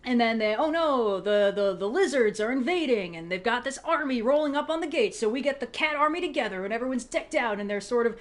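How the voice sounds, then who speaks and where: A woman's voice: a little high, expressive, brisk, hardly any pauses. A woman co-hosting a game stream, chatting casually and animatedly, swearing and laughing often. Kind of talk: casual chat over gameplay.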